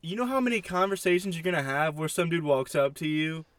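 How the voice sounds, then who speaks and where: Young co-host, blunt profane ranter, slightly high bright voice. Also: male voice, lively intonation, quick pace, no room sound. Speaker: podcast co-host. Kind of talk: casual chat.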